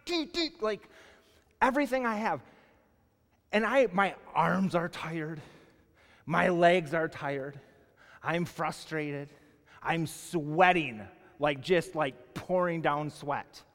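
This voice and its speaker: A male pastor in his forties preaching a sermon, telling a personal story in an animated, casual way full of "like". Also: high voice. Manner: animated storytelling, colloquial, lots of "like". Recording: long hall reverb.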